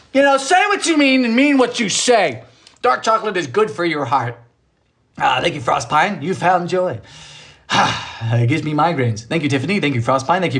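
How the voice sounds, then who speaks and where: British male baking host, playful, theatrical, swings his voice all over while reading comments. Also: a bit bright. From Britain. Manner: playful, theatrical, jumps between high and low voices. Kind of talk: casual live-stream chat reading comments. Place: home kitchen.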